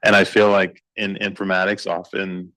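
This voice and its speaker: A man in the audience asking a presenter a question at a conference in a measured, polite way. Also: sits low, little pitch movement, sharp tone, no echo, low-quality recording. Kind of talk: question from the floor. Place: conference room.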